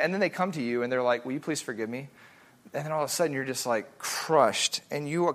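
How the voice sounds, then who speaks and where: A man teaching a family Bible study in a casual, animated way, acting out the voices he quotes. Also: on the high side.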